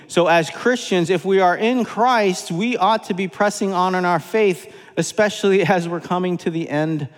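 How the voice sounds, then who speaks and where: A man preaching a sermon, emphatic and repeating key phrases for weight. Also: a little high. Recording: long hall reverb.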